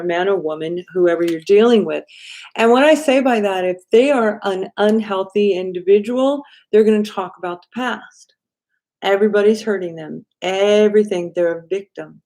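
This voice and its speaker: A woman hosting a live stream as an intuitive card reader, talking straight to her viewers in an animated way and often adding "right?". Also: mid-range voice. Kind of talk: live-stream tarot reading.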